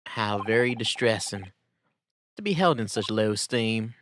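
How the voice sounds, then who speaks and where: A man voicing a cold, disdainful aristocratic male prosecutor, reading game dialogue in a slow, haughty drawl. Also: lowish voice, expressive, noisy background.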